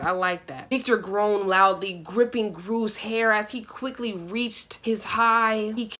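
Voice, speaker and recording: Bright-voiced young woman, blunt and sarcastic. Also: mid-range voice, fairly even intonation, a little slow, few pauses. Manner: blunt, sarcastic asides with sudden loud outbursts. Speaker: YouTuber. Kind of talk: reading fan fiction aloud with reactions.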